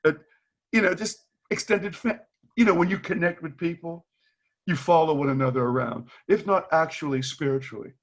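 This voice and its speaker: This is an older man from Boston, a former teacher, speaking at normal speed in a voice on the high side. As a guest on a video call he tells candid stories, animatedly acting out the dialogue in them, with frequent laughter.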